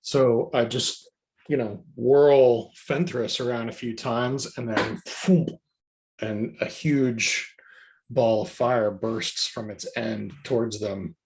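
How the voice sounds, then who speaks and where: A man taking his turn in a tabletop game, speaking slowly with many pauses. He hesitates and searches for words while describing what his character does. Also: medium pitch, steady tone. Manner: hesitant, full of fillers and restarts. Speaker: player.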